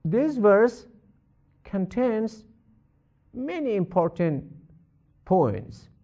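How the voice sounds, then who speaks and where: Male religious teacher, unhurried and lively in pitch, restates every point. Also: highs cut off. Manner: measured, repeats points for emphasis. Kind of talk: explaining a Quran verse in a lecture.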